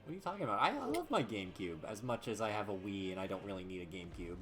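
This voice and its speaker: A man's voice: on the low side, big pitch swings, rapid-fire, fairly bright tone. Goofy, laughing young man streaming. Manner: goofy, swears, laughs a lot, acts out scenes. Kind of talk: casual chat among friends on a live stream.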